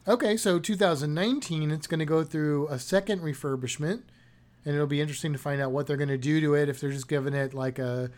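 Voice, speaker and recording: A man's voice: on the high side, fast talker, a little mellow. A man co-hosting a podcast, talking in a chatty, rambling, joking way. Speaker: podcast co-host. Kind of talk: casual podcast chat.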